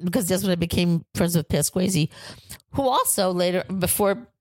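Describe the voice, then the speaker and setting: An older woman, a guest on an interview, telling lively stories, acting out quotes and swearing freely. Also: on the low side, moderate pace, dry recording. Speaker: guest, improv theater founder. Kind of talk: casual storytelling interview.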